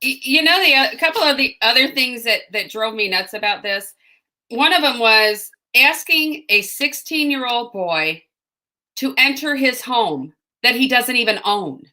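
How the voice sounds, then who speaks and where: A woman's voice: a little high, lively intonation, a little slow, pushed and bright. An older woman, a retired nurse co-hosting a livestream, chatting in a blunt, indignant, wry way. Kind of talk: casual chat.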